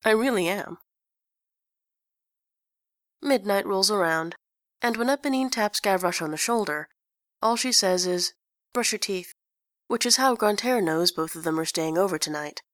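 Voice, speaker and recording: A woman reading fiction aloud in an even, plain storytelling manner. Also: mid-range voice, normal speed, no echo, studio quality. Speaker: narrator.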